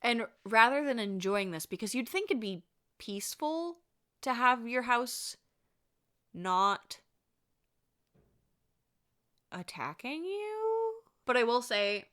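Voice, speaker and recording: A woman vlogger telling a ghost story in a chatty, animated, casual way, laughing and swearing freely. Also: mid-range voice, normal speed, long pauses, smooth.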